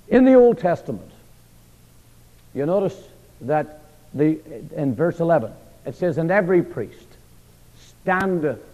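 A man preaches a sermon in a slightly high voice, throwing questions at his listeners and repeating key words for emphasis. The recording is dull and muffled, with a long reverb from a large hall. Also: darkish tone. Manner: call-and-response questions, emphatic repetition.

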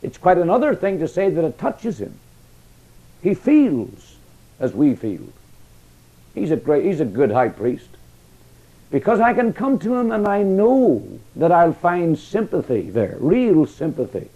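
A man preaching a sermon, passionate, with emphatic rises and hushed, quiet drops. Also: on the high side, huge pitch swings, unhurried, highs cut off.

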